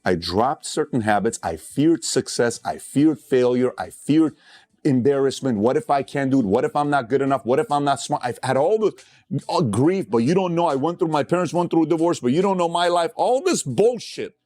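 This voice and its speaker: A man's voice: fairly high pitch, expressive, normal speed, darkish tone. A man giving a motivational speech, blunt and conversational, telling stories with emphatic, impassioned build-ups. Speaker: motivational speaker.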